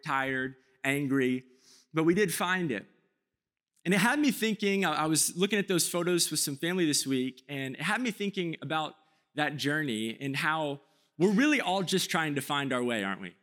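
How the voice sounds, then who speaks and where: A man's voice: a little high, moderate pace, a bit bright. A man in his thirties, a pastor, preaching a sermon in a joking, self-mocking storytelling way with acted-out quotes.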